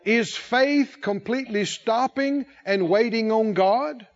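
A man preaching in church, reading scripture aloud and drawing call-and-response from the congregation. His voice sits high for a man. The recording is dull and lo-fi. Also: slow. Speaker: pastor. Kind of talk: sermon.

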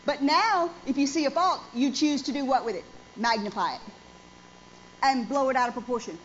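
A woman in her forties preaches a sermon in a church with a high voice, emphatic and full of questions thrown to the congregation. The recording is dull and lo-fi, with faint noise underneath. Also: normal speed. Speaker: pastor.

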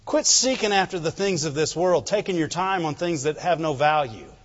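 A man's voice: a little high, expressive, moderate pace. A man preaching a sermon as pastor, fervently calling out "Amen?" to the congregation. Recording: reverberant hall, dull lo-fi sound.

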